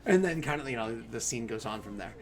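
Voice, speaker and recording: A man running a tabletop game in a casual, animated way, laughing often and using many fillers. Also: mid-range voice, fast. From New England. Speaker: game master.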